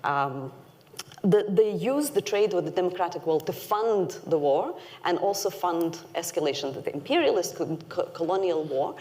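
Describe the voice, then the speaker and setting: A woman's voice: lowish voice, lively intonation, moderate pace, darkish tone. A woman speaking on a panel, making an earnest, emphatic case and stressing key words. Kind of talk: prepared panel talk.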